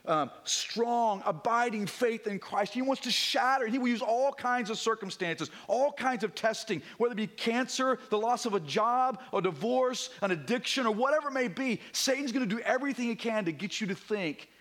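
A male pastor preaching a Sunday morning sermon, moving between hushed, intimate passages and emphatic, rising declarations. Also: extremely high pitch, animated, moderate pace, few pauses. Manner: swings from hushed to emphatic, repeats words when building a point.

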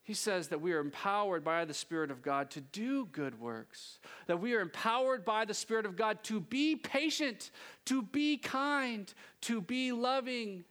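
A man preaching a sermon from a church stage, talking in a lively, joking, conversational way. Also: sits high, normal speed, hardly any pauses. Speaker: pastor.

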